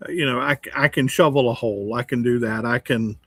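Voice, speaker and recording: A man's voice: mid-range voice, fast talker, slightly rough, dry recording. A man in his sixties, a longtime radio host, chatting casually on a livestream and reading comments, joking and poking fun at himself. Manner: joking, chatty and self-mocking.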